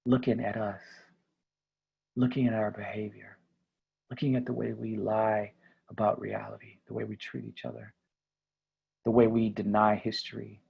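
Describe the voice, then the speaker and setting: A man giving a conference keynote speech, energetic and asking the audience questions. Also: lowish voice, normal speed, vocal fry, long pauses, breathy edge, muffled recording. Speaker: keynote speaker.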